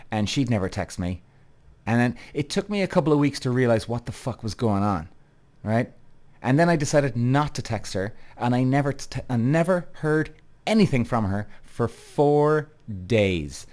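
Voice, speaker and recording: A man's voice: mid-range voice, darkish tone. A man in his thirties hosting a podcast, ranting heatedly with frequent swearing and repetition, speaking straight to his listeners. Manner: heated, swearing, repeats himself, addresses listeners as guys. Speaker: podcast host. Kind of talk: animated solo podcast rant.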